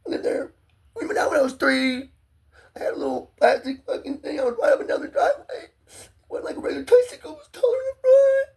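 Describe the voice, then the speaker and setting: A man's voice: extremely high pitch, very animated, fast talker, vocal fry. A man rambling through a profane, emotionally volatile personal monologue to his camera. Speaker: vlogger.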